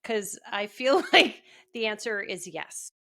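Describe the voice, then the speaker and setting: A woman's voice: mid-range voice, lively intonation, slow pace, creaky, fairly bright tone. A woman co-hosting a podcast, chatting casually with wry jokes and frequent laughter. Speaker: podcast co-host. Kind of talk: casual chat.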